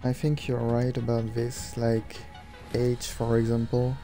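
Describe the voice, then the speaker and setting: A young man with a French accent chats his way through a game stream in English, pausing often to hunt for words and filling the gaps with little fillers. His voice sits at an ordinary pitch but sounds very dark and mellow. Faint game music plays quietly underneath. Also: completely flat delivery. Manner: halting, searching for words, lots of fillers. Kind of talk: casual gameplay chat.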